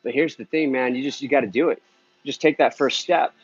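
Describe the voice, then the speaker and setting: Husky man, earnest casual encouragement. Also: mid-range voice, fairly quick, faint music behind. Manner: earnest and conversational, full of "man" and "you know"; talking while walking. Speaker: Christian vlogger answering a viewer comment. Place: indoor pool area. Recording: dull lo-fi recording.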